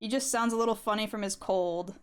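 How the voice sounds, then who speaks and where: A woman's voice: medium pitch, fairly even intonation, fairly quick, clear, resonant tone. A young woman streaming while she draws, chatting in a rambling, giggly way and swearing casually. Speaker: art streamer.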